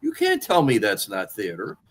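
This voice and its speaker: A man in his sixties telling wrestling stories as an interview guest, animated and profane, jumping to much higher pitch when riled. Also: normal speed, very noisy. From Washington D.C. area. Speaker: interview guest, wrestling author and former manager. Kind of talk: casual storytelling interview.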